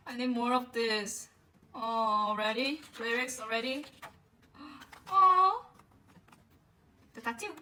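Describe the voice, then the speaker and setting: A woman unboxing a music album and gushing over it in a casual way, with frequent gasps and a drawn-out delivery full of fillers. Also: fairly high pitch, slight background noise, low-quality recording. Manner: excitable, gasps often, gushing. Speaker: vlogger.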